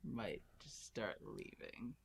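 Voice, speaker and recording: A man's voice: lowish voice, slow, gravelly, crowd noise. A man co-hosting a casual podcast. He gives dry, laconic short replies. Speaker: podcast co-host.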